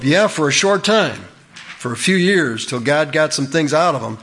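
A man's voice: a little high, moderate pace, a bit bright, a little hiss or hum. A middle-aged man preaching a sermon in a folksy, earnest way, often asking the listeners questions.

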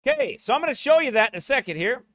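A man who is a pastor delivering a brash, mocking, rapid-fire rant to an online audience. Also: extremely high pitch, very animated, a bit bright, dry recording. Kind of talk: online ranting sermon.

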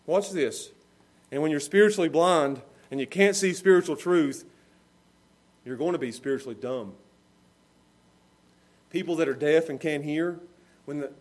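High-pitched guy preaching, loud then soft, real emphatic. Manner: emphatic preaching, rising and falling in volume; laughs at his own examples. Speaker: pastor. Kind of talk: sermon.

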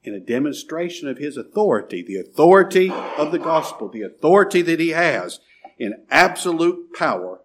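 A man preaching a sermon as pastor, asking rhetorical questions and dropping suddenly to a quiet murmur. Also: a little high, sing-song, moderate pace, slight background noise.

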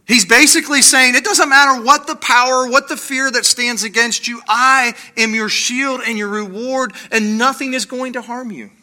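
A pastor delivers an animated sermon, acting out the voices he quotes with rising pitch. On key lines he slows down to a quiet emphasis.

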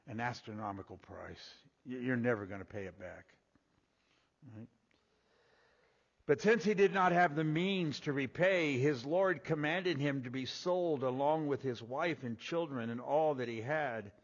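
A man preaching a sermon, reading scripture in a raised voice and dropping low and quiet to explain it. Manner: rises loud and high when reading scripture, drops low and quiet when explaining. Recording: dull sound with long hall reverb.

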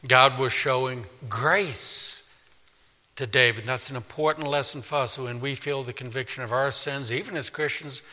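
A male pastor preaching a sermon in a church, emphatic, swinging from loud declaring to quiet pleading. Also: mid-range voice, steady tone, normal speed. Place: church sanctuary. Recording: long reverb of a large hall.

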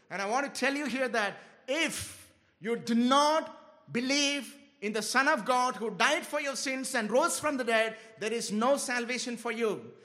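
A man's voice: very high-pitched, sharp tone. A man preaching an expository sermon to a congregation, emphatic and repetitive, often putting questions to his listeners. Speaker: pastor.

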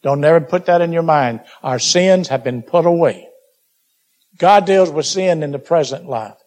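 A man with a high-pitched voice preaching a sermon. He exhorts his congregation and keeps calling them beloved. He reads scripture aloud in old King James wording. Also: normal speed, a little mellow. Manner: exhorting, addresses listeners as beloved.

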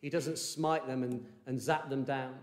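A man preaching a sermon in an earnest, measured way, with fillers and restarts. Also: medium pitch, fairly even intonation, echoey room.

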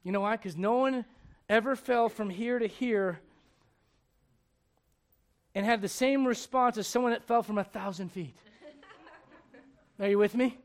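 A man in his forties preaching a sermon. He moves from loud urging to quiet confiding. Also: high-pitched, unhurried, pauses often. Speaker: pastor.

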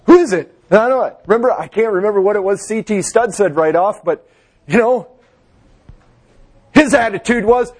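A man preaching a fervent sermon, swinging between loud exhortation and low, hushed passages. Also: normal speed, pauses often, husky.

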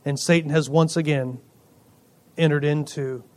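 A male pastor preaching a sermon, swinging between loud emphatic lines and quiet asides, joking with the congregation. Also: on the high side, fairly even intonation, unhurried. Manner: jokes with the congregation.

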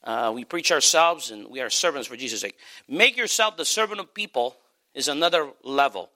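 Emphatic bright-voiced preaching man. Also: mid-range voice, expressive, brisk. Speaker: pastor. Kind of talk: sermon.

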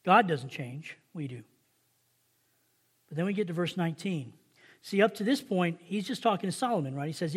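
A man with a Southern accent preaching a sermon, reading scripture slowly and with emphasis, then talking casually with his congregation. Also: sits high, animated, husky.

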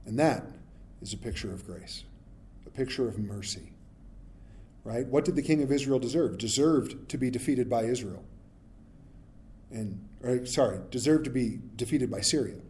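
Preaching in a chatty manner, a pastor with a medium-pitched, slightly mellow voice speaks at a moderate pace, with lively intonation and frequent pauses. He keeps checking in with "right?" and plays the parts of the people in the Bible story.

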